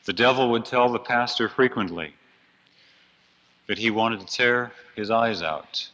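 A man's voice: medium pitch, unhurried, sharp tone. A man preaching a storytelling sermon, earnest and dramatic, swelling on key phrases. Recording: dull lo-fi recording.

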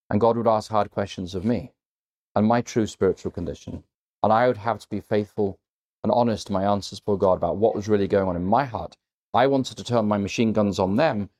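Earnest, slightly low-voiced male preacher. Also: darkish tone. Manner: earnest, emphatic, varies emphasis when quoting. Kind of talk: sermon.

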